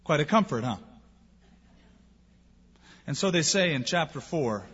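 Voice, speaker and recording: Pastor preaching in a reverberant hall. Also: male voice, a little high, lively intonation, a little slow, a bit bright, breathy edge. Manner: preaching with acted-out quotes and rhetorical questions. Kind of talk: sermon. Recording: dull sound with long hall reverb.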